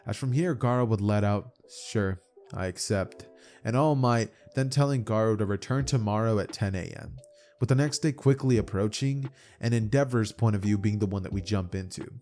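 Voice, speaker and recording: A man's voice: lowish voice, brisk, warm tone, soft background music. A man narrating a fan-made anime story at home in a loose, casual style with many fillers. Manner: loose, repeats "as from here", fillers. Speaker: youtube narrator. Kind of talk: casual fan-fiction retelling.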